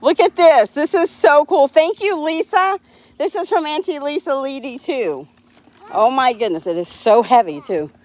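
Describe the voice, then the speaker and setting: A woman's voice: sits high, animated, moderate pace, a little mellow. A woman hosting a casual livestream, talking cheerfully to her dogs and laughing often. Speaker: dog owner hosting a livestream.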